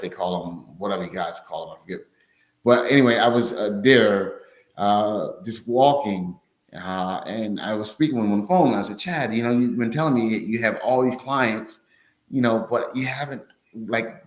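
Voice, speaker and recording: A man telling stories in a rambling, animated way, often repeating his words, as a guest on a money podcast. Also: lowish voice. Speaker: podcast guest, finance course teacher. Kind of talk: casual storytelling chat. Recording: roomy echo.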